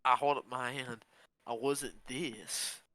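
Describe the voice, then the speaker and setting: A man playing a tabletop game, excitable and slangy in his talk. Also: mid-range voice, takes it slowly, rough recording. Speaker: player. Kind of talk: casual tabletop role-play.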